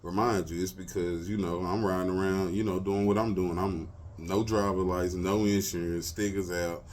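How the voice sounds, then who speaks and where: A man's voice: low-pitched, fairly even intonation, normal speed, darkish tone, a little hiss or hum. A man, hosting his show and telling personal stories in loose, slangy, casual talk. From Texas, US. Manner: loose slangy talk, lots of "you feel me". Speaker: show host.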